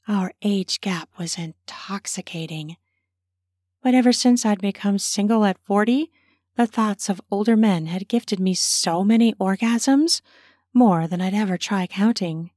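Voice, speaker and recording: A woman narrating her own erotic story in a slow, intimate way, slipping into whispers. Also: mid-range voice, a little mellow, dry recording, clean studio sound.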